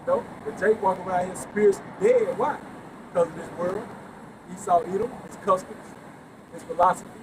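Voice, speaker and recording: A man's voice: high-pitched, brisk. A man preaching outdoors on a street, asking rhetorical questions and answering them himself with emphasis. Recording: outdoor street noise, passing traffic.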